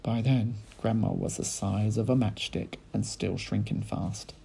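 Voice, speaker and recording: A male teacher reading a children's book aloud in lively storytelling style, speaking to his pupils. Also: fairly low pitch, a little slow, creaky, slight background noise, low-quality recording. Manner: animated storytelling, addressing children.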